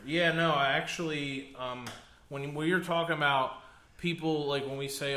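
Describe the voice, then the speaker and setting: Bright-voiced podcast co-host in echoey room. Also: male voice, fairly high pitch, normal speed. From United States. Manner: animated storyteller, playful, swears. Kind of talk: casual chat.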